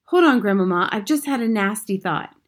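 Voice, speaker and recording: A woman voicing an eager young boy who has been turned into a mouse, excitedly asking questions in a storybook reading. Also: medium pitch, fairly quick, lightly acted.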